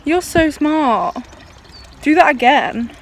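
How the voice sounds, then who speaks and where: A woman's voice: high voice, lively intonation, slow. A young woman chatting casually to a handheld camera at home, exclamatory and self-mocking. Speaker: vlogger. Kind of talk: casual vlog chat. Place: home and garden. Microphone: handheld camera, shaky.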